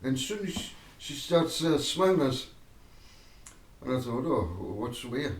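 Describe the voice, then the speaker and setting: A man's voice: medium pitch, sing-song, normal speed, a little hiss or hum. A man telling a rambling personal anecdote to camera, often breaking into chuckles. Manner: chuckling, digressive, keeps breaking into laughter. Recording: roomy echo, mic at a distance.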